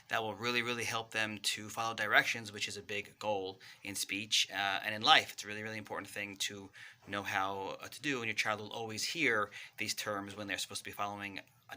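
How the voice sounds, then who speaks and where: A man speaks as a speech pathologist, calmly coaching parents. His voice sits a little low but has a very bright, forward edge. He turns animated when he acts out play with toys. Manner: friendly, animated demonstrations with toys. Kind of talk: casual instructional talk to parents.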